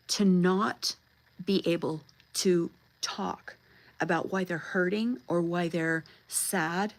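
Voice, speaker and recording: On a low-quality recording, a woman in her fifties speaks in a fairly low voice. She's hosting a livestream and launches into a passionate monologue, talking bluntly, emphatically, and swearing without restraint.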